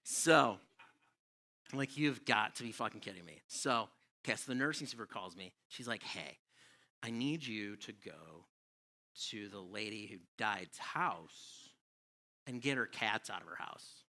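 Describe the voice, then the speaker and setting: A man doing stand-up comedy, telling stories in a profane, exasperated, animated way on a comedy club stage. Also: on the low side, a little slow.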